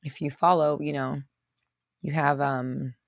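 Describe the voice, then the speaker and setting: A woman's voice: sits low, steady tone, a little slow, gravelly, no echo, studio quality. A woman hosting a casual livestream, greeting viewers by name and reading out their comments in a chatty way. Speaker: livestream host.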